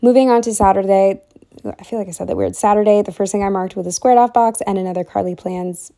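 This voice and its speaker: Young woman, planner vlogger, mellow and chatty, slightly breathless. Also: medium pitch, steady tone, quick pace. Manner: chatty, rambling, lots of fillers. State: short of breath. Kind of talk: casual planner walkthrough voice-over.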